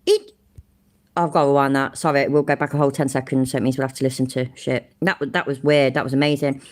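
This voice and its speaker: A woman's voice: rumbling low, level tone, fast. A woman hosting a live reaction stream, blunt and sarcastic, swearing constantly as she comments on a video. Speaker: livestream reaction host.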